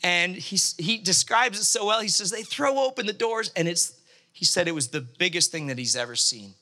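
A man delivers a storytelling sermon with a fairly high, very bright and forceful voice. He is animated throughout and acts out the voices of the people in the story as he goes. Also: normal speed.

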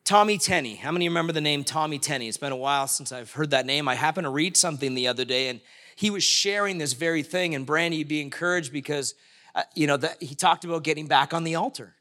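Conversational preaching man, bright voice. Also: on the high side, quick pace. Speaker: pastor. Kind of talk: sermon.

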